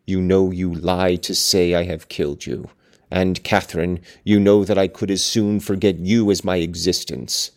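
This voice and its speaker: A man's voice: deep voice, flat delivery, moderate pace. A man reading the lines of a savage, anguished young man from a classic novel, in a plain reading-aloud delivery.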